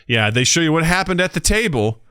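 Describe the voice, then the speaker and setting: A man co-hosting a podcast in casual chat, telling stories with lively acted-out quotes. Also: on the high side, brisk, clean tone, dry recording, clean studio sound. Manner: animated storyteller, acts out quotes. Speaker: podcast co-host.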